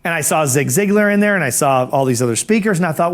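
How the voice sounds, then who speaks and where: A man who is a professional speaker, telling a personal story in an animated way and acting out the dialogue. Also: a little high, fast. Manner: animated, acts out dialogue, self-amused.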